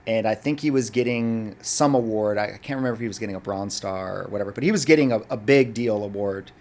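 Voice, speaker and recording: A man, a restaurant owner and former bartender, telling an animated story as a podcast guest and acting out the dialogue. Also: lowish voice, fast. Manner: animated, acts out the dialogue of people in his story. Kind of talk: casual storytelling in a podcast interview.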